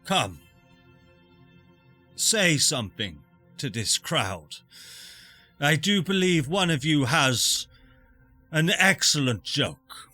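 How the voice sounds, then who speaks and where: A man's voice: a little high, sing-song, bright, forceful tone, no room sound, soft background music, voice pushed up, full character voice. A man voicing a gracious, formal elderly male council leader who halts and stumbles while giving a speech. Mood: encouraging. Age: older. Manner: stately, halting speechmaking.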